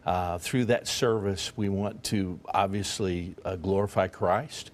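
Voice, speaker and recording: A man who runs a mission flight charity, speaking earnestly and haltingly on a TV panel. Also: low voice, fairly even intonation. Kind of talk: TV panel discussion.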